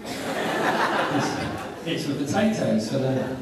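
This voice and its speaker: A man's voice: mid-range voice, sing-song, slow. A man telling rambling stand-up stories and bantering with a convention audience. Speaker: stand-up guest at a fan convention. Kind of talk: stand-up comedy storytelling. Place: large convention hall, from far off. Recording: echoey hall from far off, noisy.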